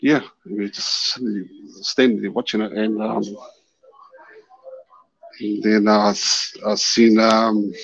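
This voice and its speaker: A man's voice: fairly low pitch, little pitch movement, takes it slowly, creaky, long pauses. A man calling in and telling a story, animatedly acting out the voices in it. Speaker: caller. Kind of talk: casual storytelling. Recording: dull lo-fi call-in audio.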